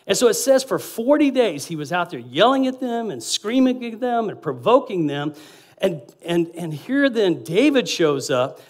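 A man preaching as a guest pastor, lively, acting out quotes and swinging between loud and quiet passages. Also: fairly high pitch. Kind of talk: sermon.

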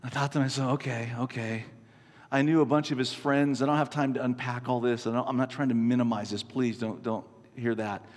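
A man in his fifties preaching a sermon, an animated, self-mocking storyteller. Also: mid-range voice, a little fast, hardly any pauses. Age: 50s. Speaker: pastor. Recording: long reverb from a large hall.

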